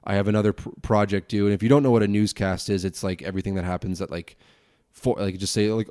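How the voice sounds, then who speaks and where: A young man hosting a casual solo podcast, rambling quickly with lots of restarts and swearing. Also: deep voice, darkish tone, smooth, no echo, studio quality. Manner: fast rambling talk, frequent swearing and restarts. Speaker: podcast host and broadcasting student.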